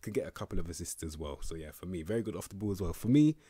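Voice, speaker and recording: A man's voice: sits low, expressive, rapid-fire, dark tone, slightly rough, no echo. A young man, casually commenting on a football management game in heavy slang. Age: young adult. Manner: slangy, laid-back, swears casually. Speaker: gaming youtuber.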